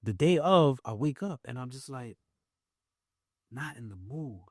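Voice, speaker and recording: New york guy telling a story on a podcast, mellow and dry, acts out every voice. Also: medium pitch, a little slow, no echo. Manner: animated, acts out quoted voices. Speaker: podcast guest. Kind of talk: casual storytelling.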